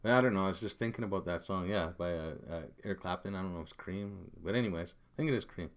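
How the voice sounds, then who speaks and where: A man co-hosting a casual chat, jokey and animated, often trailing off mid-sentence. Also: deep voice, fast, clear, resonant tone. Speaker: co-host.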